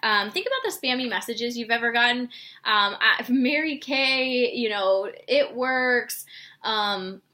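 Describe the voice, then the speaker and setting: Woman fitness coach, chatty and informal, crisp bright tone, acts out quick upbeat sample messages. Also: fairly high pitch, animated. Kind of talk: casual instructional talk.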